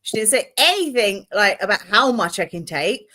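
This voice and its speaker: A woman telling stories in a casual chat, blunt and animated, swearing heavily. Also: medium pitch, moderate pace.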